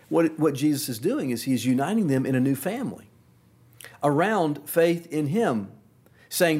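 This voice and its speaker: A man preaching a sermon, building slow emphasis through repeated phrases and dropping low and soft on key words. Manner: drops pitch and volume on key words.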